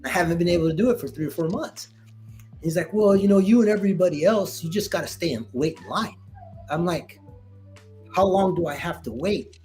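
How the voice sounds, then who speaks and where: A middle-aged man, a retired Marine veteran, telling a story in casual conversation, animated and acting out dialogue with many restarts. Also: a little high, moderate pace, pauses often, faint music behind.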